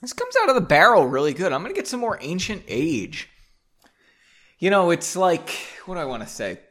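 A man's voice: on the high side, huge pitch swings, a little fast, fairly bright tone. A man hosting a casual podcast, reading his own book aloud with joking, self-deprecating tangents and frequent swearing, in a home basement.

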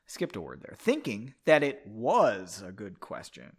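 A man's voice: fairly low pitch, huge pitch swings, measured pace, breathy edge. Rambling, swearing man reading aloud. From United States. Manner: rambling, swears and comments between passages. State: drinking whiskey. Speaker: reader of a book. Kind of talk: casual read-aloud with asides.

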